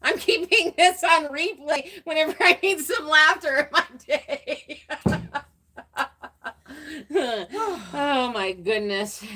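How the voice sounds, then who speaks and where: A woman's voice: high voice, lively intonation, takes it slowly, sharp tone. A woman co-hosting a casual farm live stream, laughing so hard she is in tears and reading viewer comments aloud. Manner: laughing uncontrollably, tearful. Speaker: farm livestream co-host.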